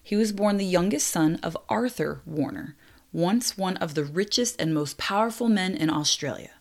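Lively woman storyteller with a lowish voice. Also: moderate pace. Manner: lively, laughs at own slips, apologetic asides. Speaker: narrator. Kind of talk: storytelling narration of a true story.

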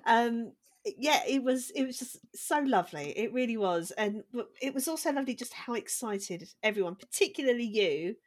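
A woman guest, a dialogue editor, chatting casually in a soft, giggly way. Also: fairly high pitch, lively intonation, normal speed, hardly any pauses. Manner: soft-spoken, giggly, warm. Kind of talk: casual chat.

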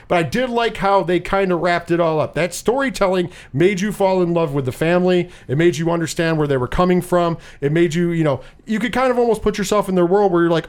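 A man casually talking through a film in a podcast chat, rambling and animated, with restarts and frequent swearing. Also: a little high. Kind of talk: casual movie review chat.

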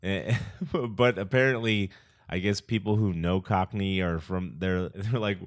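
Man, podcast co-host, low voice, animated delivery, dry recording. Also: unhurried, no room sound. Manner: animated, laughs easily, asks questions. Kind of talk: casual movie chat.

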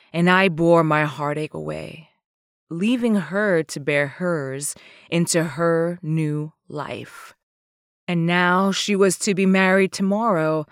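A woman narrates an old-fashioned story in a slow, measured and wistful manner. Her voice sits low and unhurried and sounds close and dry, with soft music faintly underneath. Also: dry recording. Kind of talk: audiobook narration of a classic story.

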